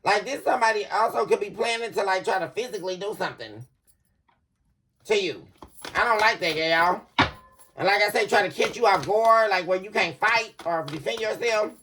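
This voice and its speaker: A woman doing a casual tarot reading for her viewers, animated and quick to laugh, calling out to them often. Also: mid-range voice, a little hiss or hum. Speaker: tarot reader.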